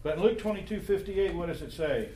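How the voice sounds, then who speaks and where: A man teaches an informal Bible class in a room with a noticeable echo. His voice sits fairly high for a man, and he keeps turning to the group with questions in a loose, conversational way. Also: expressive, fast, mellow, a little hiss or hum. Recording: echoey room.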